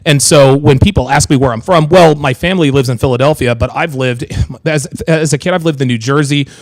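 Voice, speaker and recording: A man's voice: on the high side, fairly quick, dry recording, poor audio. An American man hosting a casual livestream chat, joking and restarting his sentences often. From United States. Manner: animated, joking, many restarts. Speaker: livestream host.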